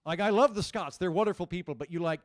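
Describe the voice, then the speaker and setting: A stand-up comedian in his forties working a live crowd in a chatty, conversational style. He stumbles over his words and restarts often as he riffs with the audience. His voice is slightly high for a man and the sound is dry and close. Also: fast talker, no room sound.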